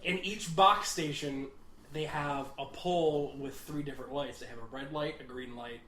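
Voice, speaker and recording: A young man co-hosting a casual podcast, telling an anecdote with plenty of swearing and his own laughter. His voice sits a bit high and sounds bright. It is recorded in a roomy space with clear echo. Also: fairly even intonation, normal speed. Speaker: podcast co-host. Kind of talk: casual storytelling chat.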